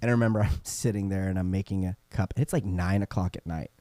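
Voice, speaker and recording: Dry, low-voiced man telling stories. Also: fast, no room sound. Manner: animated, acts out quoted voices. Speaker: podcast co-host. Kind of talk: casual storytelling chat.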